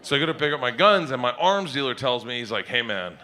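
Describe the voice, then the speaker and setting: A middle-aged man tells a long comic story with big swings in pitch, jumping up into loud, laughing bursts as he acts out everyone involved. He sounds rowdy and delighted with himself. A faint hum of room ambience sits behind him. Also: expressive, quick pace. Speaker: comedian. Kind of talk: stand-up and podcast storytelling.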